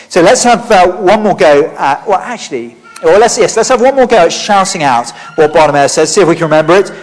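A man preaches a lively, interactive sermon and leads the congregation in shouting back and forth. His voice sits a little high for a man. The church hall gives a long, ringing reverb. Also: fairly quick, few pauses.

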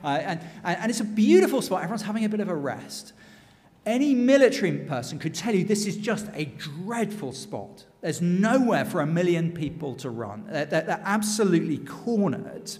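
A man giving a lively storytelling sermon in church. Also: high voice, moderate pace, in a large hall. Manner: lively, animated retelling. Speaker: church speaker.

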